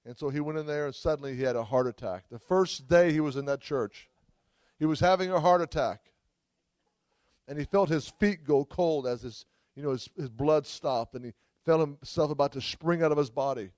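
A man's voice: a little high, normal speed, a little mellow, dry recording, clean studio sound. A man preaching a sermon at a church service, fervent, with frequent cries of hallelujah. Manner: fervent, exclaims hallelujah often. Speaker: traveling preacher.

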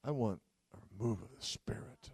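A man's voice: lowish voice, normal speed, vocal fry, darkish tone, slightly rough, dry recording. Fired-up guy preaching at a church service, dry close sound, keeps saying hallelujah. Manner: fervent, exclaims hallelujah often. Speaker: traveling preacher. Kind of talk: sermon.

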